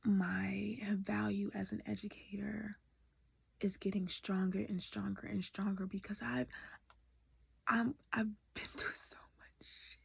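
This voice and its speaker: Woman, educator vlogger; very husky, fry-laden voice; emotional, candid, swears, half-whispers; dry close sound. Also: mid-range voice, level tone, unhurried, no echo. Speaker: educator and artist. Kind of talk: raw confessional vlog.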